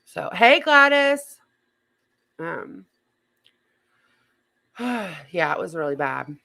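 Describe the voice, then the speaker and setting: Bright-voiced swearing woman streamer. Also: sits low, expressive, extremely slow, creaky. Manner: swears freely, rambling with restarts and laughs. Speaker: YouTube drama commentary host. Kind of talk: casual livestream commentary.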